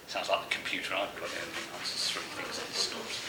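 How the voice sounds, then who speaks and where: This man speaks to a room of analysts in a live masterclass, joking and putting questions to the audience in a conversational way. His low-pitched voice is bright and forceful with a level tone, a moderate pace and hardly any pauses. The echoey room is captured from far off, with faint hiss.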